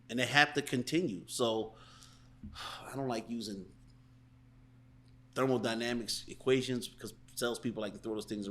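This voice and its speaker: A man in a mid-range voice talks as a guest on a casual podcast. He explains his sales tactics by voicing both the customer and the salesperson. His delivery is animated and conversational. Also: mid-range voice. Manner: animated, acts out sales calls in different voices. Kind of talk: casual interview chat.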